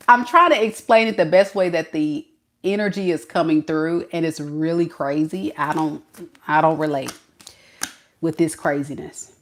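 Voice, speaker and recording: A woman giving an animated tarot reading, often laughing and acting out what the other person is thinking. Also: deep voice, a little slow, long pauses. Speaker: tarot reader.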